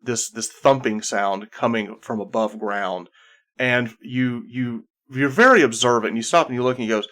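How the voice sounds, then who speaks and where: A man's voice: medium pitch, moderate pace, bright, forceful tone. Man narrating a tabletop game. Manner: descriptive second-person narration, many restarts. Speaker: game master.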